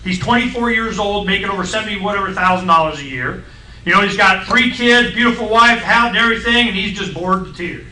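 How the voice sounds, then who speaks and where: A middle-aged man on a radio talk show, explaining science in a blunt, folksy, excitable way and acting out voices in his stories. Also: sits high, brisk, roomy sound, recorded from a distance, rough recording.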